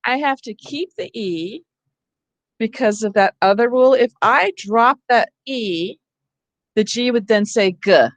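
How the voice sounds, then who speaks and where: A woman's voice: fairly high pitch, measured pace, dry recording. A woman training teachers in a casual, conversational lecture, explaining spelling rules with frequent asides. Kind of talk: professional development lecture.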